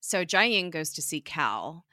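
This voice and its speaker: Woman, low-pitched, crisp bright tone, casual recap, filler-heavy, giggly. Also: big pitch swings, slow, dry recording, clean studio sound. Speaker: podcast host recapping a TV episode.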